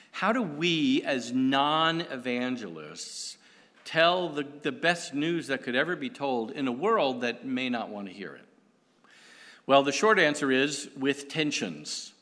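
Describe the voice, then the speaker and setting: A male guest preacher delivers a sermon with a bright, forceful tone. He tells stories and pokes fun at himself, stumbling over fillers and restarts. His voice rings through a church with a long, echoing reverb. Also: on the high side. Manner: self-deprecating, storytelling, halting with fillers.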